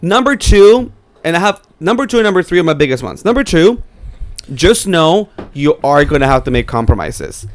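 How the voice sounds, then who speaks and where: A man's voice: fairly high pitch, sing-song, normal speed. Chatty, profane man giving advice. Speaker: podcast co-host. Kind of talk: casual chat. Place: New York City.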